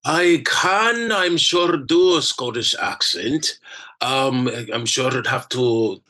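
A middle-aged man, an excitable interview guest who talks in quick restarts and slips into impressions of other voices. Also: medium pitch.

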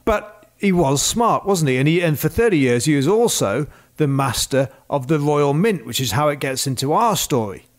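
A man's voice: a little high, lively intonation, moderate pace, hardly any pauses. Man explaining history with a chuckle. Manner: explanatory, chuckles between points. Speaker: podcast co-host. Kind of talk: casual history podcast chat.

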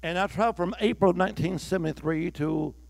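A man in his sixties, a traveling evangelist preaching a revival sermon, who swings from hushed storytelling to shouted call-and-response and leads the crowd in chants. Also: high-pitched, quick pace, vocal fry, dry recording.

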